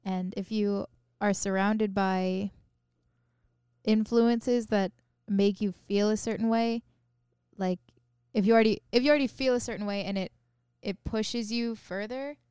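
A young woman in a casual chat, thoughtful and a little halting. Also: mid-range voice, fairly even intonation, mellow, clear, resonant tone, no room sound, clean studio sound. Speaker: podcast co-host.

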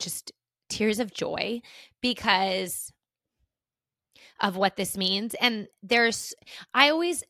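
Brief: podcast host, woman in her thirties, rambling and chatty, bright tone, dry close sound. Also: mid-range voice, no echo. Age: 30s. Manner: chatty, rambling, many fillers. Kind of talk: casual storytelling chat.

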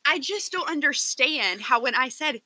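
Animated bright-voiced woman. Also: sits high, moderate pace, no room sound. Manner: emphatic, defensive storytelling. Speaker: podcast co-host. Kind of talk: casual chat.

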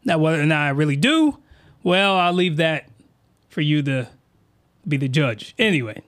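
A man's voice: on the high side, lively intonation, normal speed, a bit bright. A man hosting a comedic review podcast, rambling and jokey, often cutting himself off mid-sentence. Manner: rambling, self-interrupting, jokey. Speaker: podcast host reviewing comics. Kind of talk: crude comedic review monologue.

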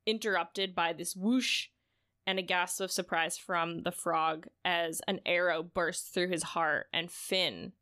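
Speaking slowly in a lowish voice, this woman co-hosts a laid-back book podcast. She retells scenes with energy, leans heavily on "like," and performs characters' dialogue.

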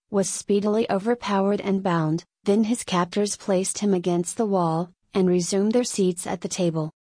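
A woman reading a story aloud as an audiobook narrator, in an even, measured way into a close mic. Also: mid-range voice, no room sound. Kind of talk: scripted narration.

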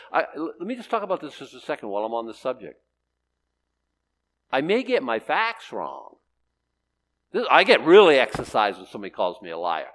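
An older man delivers a sermon in a lively, animated voice, his pitch rising and falling widely. He swings from loud, emphatic declarations to hushed, quiet asides. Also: brisk. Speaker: preacher.

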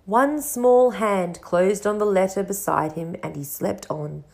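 A woman narrating a storybook in a measured, expressive reading. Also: medium pitch, vocal fry. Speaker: audiobook reader.

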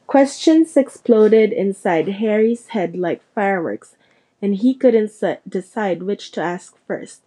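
A woman reading a storybook aloud as narrator, steady and measured. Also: medium pitch. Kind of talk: audiobook reading.

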